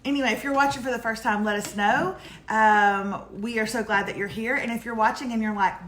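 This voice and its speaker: A woman's voice: on the high side, steady tone, brisk, a bit bright. A woman co-hosting a casual morning show, joking and telling stories in a chatty, teasing way. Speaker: co-host of a morning livestream. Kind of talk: casual chat. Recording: roomy echo with faint noise.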